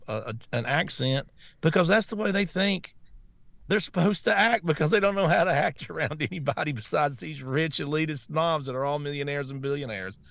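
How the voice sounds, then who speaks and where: A Southern-accented man co-hosting a political talk show, blunt and mocking, often breaking into laughter. His voice is gravelly and slightly raised in pitch, recorded dry and close with no room sound. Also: a bit bright, dry recording. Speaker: co-host.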